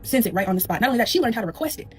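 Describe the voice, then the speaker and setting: Woman, comedic storyteller mom, sassy, very quick, lively pitch, faint music behind. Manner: animated, sassy, acts out voices. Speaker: mother telling a story.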